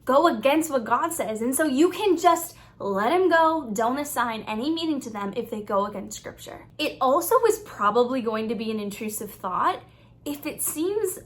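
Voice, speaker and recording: A young woman, a Christian YouTuber, giving an earnest, expressive faith teaching to camera. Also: high-pitched, moderate pace. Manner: earnest, expressive, playfully acts out quoted thoughts. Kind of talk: faith-based teaching vlog.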